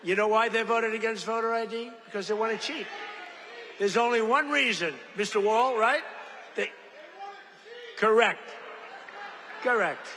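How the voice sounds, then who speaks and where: A man's voice: high-pitched, a little slow, pauses often, bright, forceful tone, slight background noise. An older man giving a rambling, boastful rally speech from a podium, with mocking asides and acted-out quotes. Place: large event venue. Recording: reverberant venue with faint ambience.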